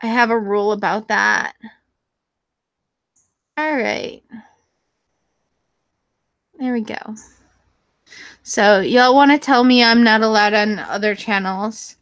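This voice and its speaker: A woman with a slightly high voice and a fairly bright tone speaks slowly, pausing often, in a dry recording. She hosts her own YouTube channel and answers viewers in a casual, rambling, blunt and profane way, full of fillers, restarts and self-corrections.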